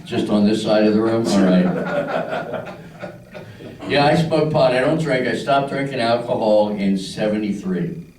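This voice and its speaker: A man's voice: fairly low pitch, expressive, a little slow, darkish tone, echoey room, recorded from a distance, poor audio. An older man from Philadelphia doing a crude stand-up routine, acting out the people in his stories. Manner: crude storytelling with voices for characters. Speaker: stand-up comedian. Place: club stage.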